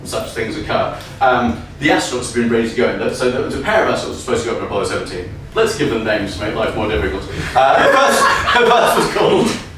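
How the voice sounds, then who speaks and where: Man, improv storyteller, animated, echoey venue, distant mic, faint noise. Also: fairly low pitch, fast. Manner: energetic, laughing, riffing on audience prompts. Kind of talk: live improvised comic storytelling. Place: comedy venue stage. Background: audience.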